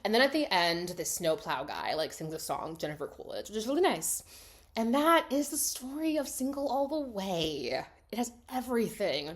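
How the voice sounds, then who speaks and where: A young woman with a fairly low voice talks through a movie plot in a loose, chatty way, peppering everything with "like". She jumps from loud, gushing excitement to quiet, half-whispered asides. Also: moderate pace. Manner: chatty, lots of "like", swings between loud gushing and hushed asides. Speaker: film recap vlogger. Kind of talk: casual spoken film recap.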